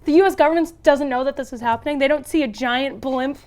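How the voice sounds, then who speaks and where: A young woman with a high voice takes a film to task on a casual podcast. She sounds exasperated and sarcastic, stumbling over her words as she piles up complaints. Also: fast talker, a little mellow. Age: young adult. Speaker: podcast co-host. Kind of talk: casual film discussion chat.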